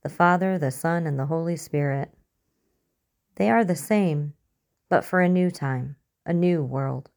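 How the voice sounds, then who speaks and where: Woman doing a serene male zealot, low voice, mellow tone, soft and unhurried. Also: creaky. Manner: soft-spoken, unsettlingly calm. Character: calm smiling male cult preacher.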